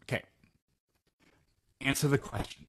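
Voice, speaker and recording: A man hosting an online debate, calm and persistent, repeating his questions. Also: measured pace, a little hiss or hum.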